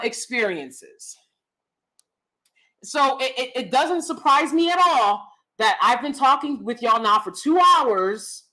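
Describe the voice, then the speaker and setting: A woman's voice: fairly high pitch, bright, forceful tone. A woman, hosting a casual opinionated livestream, blunt and sassy, laughing often. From United States. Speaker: livestream host reading chat.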